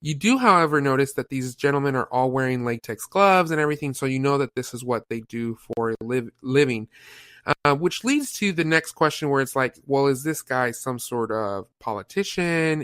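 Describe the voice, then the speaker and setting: A man hosting a casual review show, retelling film scenes in an animated, rambling way with lots of fillers. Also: mid-range voice, clean tone, no echo, clean studio sound. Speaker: podcast host reviewing a film. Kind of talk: casual chat.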